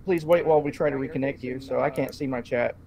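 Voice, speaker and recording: Talking fast in a medium-pitched, slightly mellow voice with vocal fry, a podcast host chats casually and rambles, his speech full of fillers and false starts.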